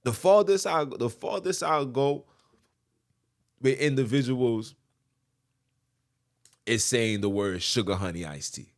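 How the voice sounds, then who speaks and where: A man's voice: mid-range voice, slow pace, long pauses. A man hosting a podcast, delivering a preachy monologue that quotes scripture, emphatic and repetitive, often asking "right?". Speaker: podcast host.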